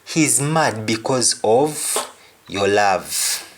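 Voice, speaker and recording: Slow, deliberate male language teacher. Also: lowish voice, expressive, a little hiss or hum. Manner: repeats each example phrase twice, then translates; deliberate, explanatory delivery. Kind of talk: spoken language lesson.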